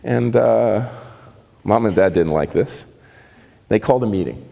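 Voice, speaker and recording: A man in his sixties from New Jersey with a New Jersey accent, telling personal stories in a lively, conversational and self-mocking way. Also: on the low side, measured pace, creaky, long reverb tail. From New Jersey, USA. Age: 60s. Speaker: speaker giving a talk. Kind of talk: personal storytelling talk.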